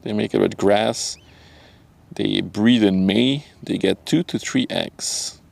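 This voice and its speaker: A young Dutch-accented man with a low-side, slow, gravelly voice hosts a casual livestream outdoors by a river. Relaxed and chatty, he laughs often and talks to viewers by name in the chat. At times he speaks softly so as not to disturb people nearby.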